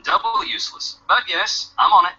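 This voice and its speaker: An actor playing a blunt local man in a video game who finds people, with a raspy, heavily accented voice. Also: high voice, steady tone, normal speed, bright, forceful tone, full character voice. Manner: heavy accent, dry and blunt. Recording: dull lo-fi game audio.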